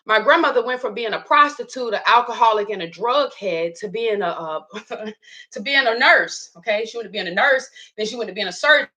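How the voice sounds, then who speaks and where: A woman's voice: a little high, fairly quick, bright, forceful tone, low-quality recording. A woman giving a casual motivational talk who laughs often, cusses freely and repeats lines for emphasis. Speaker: speaker sharing reflections.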